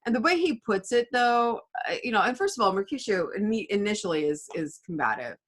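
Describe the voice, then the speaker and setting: A woman's voice: mid-range voice, expressive, brisk. A woman English teacher from the United States, casually explaining a play by paraphrasing it in modern slang.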